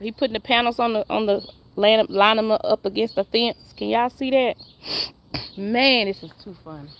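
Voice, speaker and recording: A woman's voice: on the high side, normal speed. A woman, chatting and laughing with viewers on a casual live stream. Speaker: livestream host.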